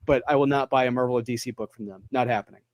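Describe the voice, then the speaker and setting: A man's voice: mid-range voice, fairly even intonation, rapid-fire, dry recording. A man in a casual panel chat who talks bluntly and repeats himself for emphasis. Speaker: panel guest.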